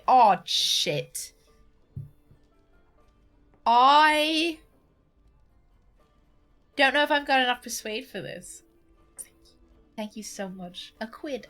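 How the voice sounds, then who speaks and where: A woman from Britain chats casually while streaming a game, her voice sitting high with a fairly bright tone. She laughs a lot, swears freely and launches into rants of exaggerated indignation.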